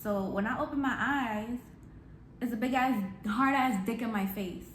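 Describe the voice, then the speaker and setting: A young woman from New York telling a storytime vlog story in heavy slang, animated and profane, acting out shouted quotes. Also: a little high, normal speed, slight background noise. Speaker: vlogger. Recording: echoey room.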